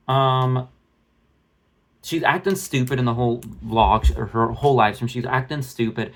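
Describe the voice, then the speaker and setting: Brief: male vlogger, mid-pitched, blunt and profane, rambling restarts, phone-recorded rant. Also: fairly quick. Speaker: drama commentary vlogger. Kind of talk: ranting commentary.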